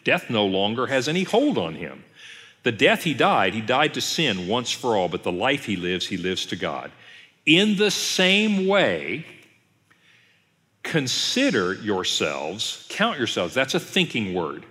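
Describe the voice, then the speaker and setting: Guy pastor teaching the bible, lots of pitch swing, echo from a big church hall. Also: very animated, a bit bright. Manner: emphatic, conversational teaching with pauses. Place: church sanctuary. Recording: long reverb of a church hall.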